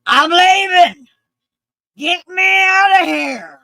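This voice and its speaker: A person telling a story and putting on the voice of an angry, overheated male veteran in a wheelchair, loud and cantankerous. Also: mid-range voice, animated, unhurried, creaky, no echo.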